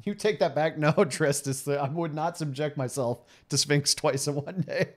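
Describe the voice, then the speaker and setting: A man in his late thirties keeps up casual game commentary for his stream, talking to chat with plenty of laughter and teasing. His voice is on the high side and his speed is normal.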